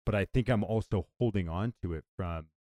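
A man co-hosting a podcast, chatting casually and telling stories in an animated way. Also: sits low, a little fast, no echo. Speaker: podcast co-host.

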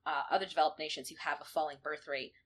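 A woman co-hosting a podcast, recapping episodes in casual chat, animated and quick to laugh. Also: sits low, breathy edge. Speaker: podcast co-host.

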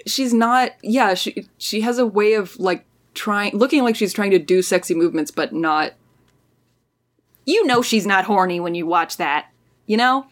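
A woman co-hosting a casual podcast chat, animated and opinionated, laughing often. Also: medium pitch, normal speed.

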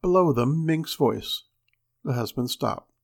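Male narrator, gravelly, mid pitch, measured dramatic delivery for a story reading. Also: expressive.

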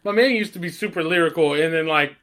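A man's voice: fairly high pitch, quick pace, a bit bright. Cursing man reacting in casual chat. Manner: brief reactions, profane.

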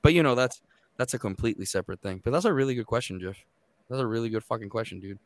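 A man's voice: medium pitch, rapid-fire, no echo. A man in his thirties, a court interpreter, telling stories in casual, profane podcast chat. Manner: profane, animated storytelling.

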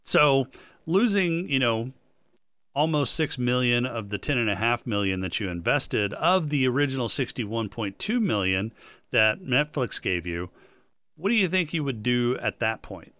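Animated podcast guy, pitch jumps all over, dry close mic, teases out the story. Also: measured pace, no room sound. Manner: animated, builds up stories with questions. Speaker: podcast co-host. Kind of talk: casual chat.

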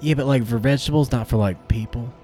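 A man's voice: medium pitch, fast, mellow, soft background music. A man playing a character in a tabletop game, joking and hesitant, with filler words. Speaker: player. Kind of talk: tabletop role-play banter.

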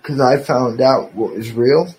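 A man's voice: medium pitch, a little slow, darkish tone, slightly rough, low-quality recording. A man hosting a podcast, delivering an angry, profane, sarcastic rant aimed at a former friend.

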